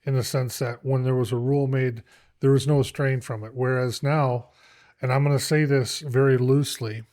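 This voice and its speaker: A man's voice: mid-range voice, fairly even intonation, moderate pace, a little mellow. A man co-hosting a podcast in casual chat, giving firm, opinionated views on parenting. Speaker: podcast co-host.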